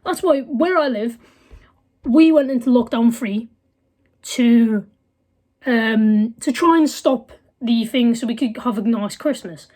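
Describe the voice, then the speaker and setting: A woman's voice: on the high side, slow, dark tone. A woman in her late teens, ranting heatedly to camera as a vlogger, blunt and swearing often. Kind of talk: angry profane rant.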